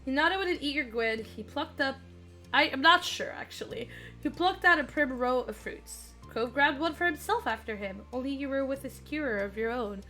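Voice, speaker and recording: A young woman streaming, reading a dating game aloud and chatting with viewers, excitable with squealing laughs. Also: sits high, moderate pace, faint music behind.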